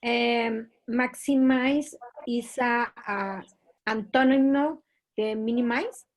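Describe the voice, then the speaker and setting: Slow, hesitant woman. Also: fairly high pitch. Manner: hesitant, searching for words. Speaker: student. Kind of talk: online English class.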